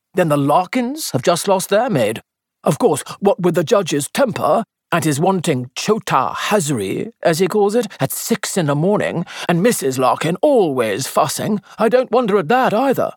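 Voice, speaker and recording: A woman's voice: mid-range voice, dry recording, studio quality, pitched above the performer's own voice. A woman reader voicing a self-important, gossiping older spinster who disapproves of her neighbours.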